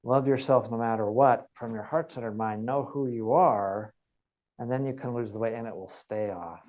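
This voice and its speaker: On a muffled recording, a wellness coach leads an online training in a mid-range voice at normal speed. He's earnest and repeats key points for emphasis.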